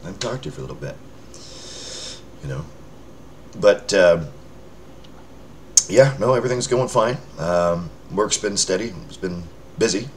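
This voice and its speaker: Man, low register, loose self-mocking vlog chatter, light background noise. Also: expressive, moderate pace, long pauses. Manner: rambling, self-mocking, with filler words and restarts. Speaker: vlogger checking in with followers. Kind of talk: casual rambling chat to camera. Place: indoors under a lamp near a window.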